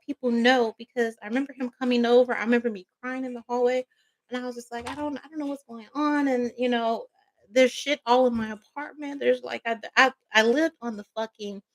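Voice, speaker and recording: A woman's voice: on the high side, steady tone, moderate pace. A woman vlogger telling a personal story in a casual storytime monologue, rambling, emphatic and swearing freely.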